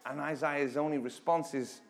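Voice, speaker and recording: Guy preaching in church, kinda high voice, chatty then suddenly loud, reads scripture slow and dramatic. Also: fairly even intonation. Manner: conversational, with sudden loud emphatic bursts. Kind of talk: informal Bible teaching.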